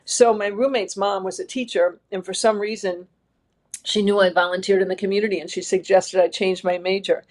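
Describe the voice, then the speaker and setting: A woman's voice: mid-range voice, steady tone, a little fast, a little mellow. Earnest middle-aged woman telling her story. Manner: earnest, reflective, speaks in long winding sentences. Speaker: interview guest, education leader. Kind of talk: reflective personal storytelling in an interview.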